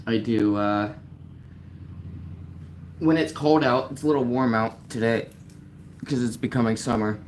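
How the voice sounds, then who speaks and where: A man's voice: lowish voice, slight background noise. A man live-streaming while he paints. He chats casually with his viewers in a rambling, easygoing way, full of fillers. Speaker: artist livestreamer. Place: outdoors on a warm day.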